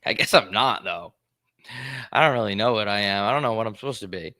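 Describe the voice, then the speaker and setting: Crude rambling man, bright voice. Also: on the low side, a little fast, dry recording, clean studio sound. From United States. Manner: crude, rambling, profane, laughs often. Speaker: podcast host. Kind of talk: casual solo commentary, reading aloud and riffing.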